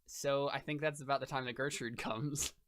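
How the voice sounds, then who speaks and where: A man's voice: mid-range voice, fairly even intonation, normal speed, a bit bright. A man narrating as game master of a tabletop role-playing game, rambling with lots of fillers and restarts.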